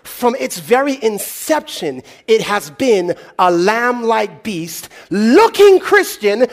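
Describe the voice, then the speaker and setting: A man preaching a sermon in a call-and-response style, swinging between loud exclamations and hushed, low delivery.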